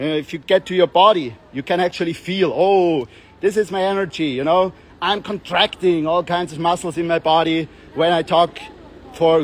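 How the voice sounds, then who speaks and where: Man, young adult, high-pitched voice, casual coaching monologue, joking and rambling, acts out voices. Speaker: self-development coach. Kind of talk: casual monologue with playful voice demonstrations.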